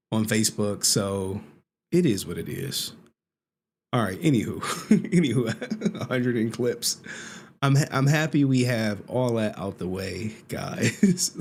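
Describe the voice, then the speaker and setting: A man's voice: medium pitch, slight background noise. A man hosting a casual livestream, laughing often, joking and swearing as he talks. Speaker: streamer host.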